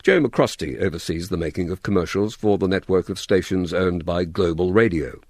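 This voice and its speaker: A man's voice: low-pitched, normal speed, no room sound. A man presenting a radio documentary, narrating and putting questions to guests.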